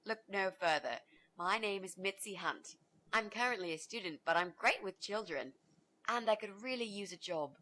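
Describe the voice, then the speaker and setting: An actress playing a brash young woman student who talks her way in as a babysitter, bold and quick to take charge. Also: mid-range voice, expressive, pushed and bright. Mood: confident.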